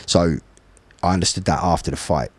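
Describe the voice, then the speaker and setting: Brief: man in his 40s, deep voice, blunt and animated storyteller who swears a lot, dry close-miked sound. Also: brisk, slightly rough, dry recording. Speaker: podcast guest, former bare-knuckle fighter. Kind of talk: casual storytelling conversation.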